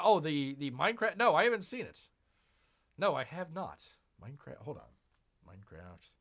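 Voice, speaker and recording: A man hosting a live stream, commenting with sarcasm and mock exasperation. His voice is bright and sits a little high, and his pitch swings widely from line to line. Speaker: streamer host.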